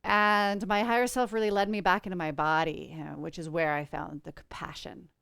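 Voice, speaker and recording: A woman's voice: fairly low pitch, flat delivery, a little fast, vocal fry, fairly bright tone, clean tone, no echo, clean studio sound. A woman hosting a podcast in an earnest, flowing spiritual chat, full of "you know" fillers. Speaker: podcast host.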